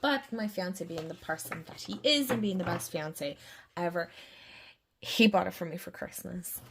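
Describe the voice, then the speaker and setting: A woman with an Irish accent, chatting casually and gushing about oracle decks in a rambling way. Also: lowish voice. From Ireland. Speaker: tarot and oracle deck channel host. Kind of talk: casual deck review chat.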